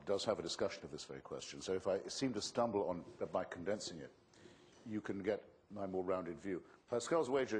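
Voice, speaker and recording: A man, an author, answering an audience question in a debate with sardonic, forceful wit. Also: fairly low pitch, slightly rough. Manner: sardonic, witty, forceful rhetoric.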